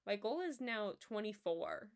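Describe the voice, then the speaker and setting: A woman's voice: medium pitch, big pitch swings, a little slow, clean tone. Chatty young woman streamer rambling. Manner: rambling, self-amused storytelling with frequent laughs. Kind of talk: casual stream chat.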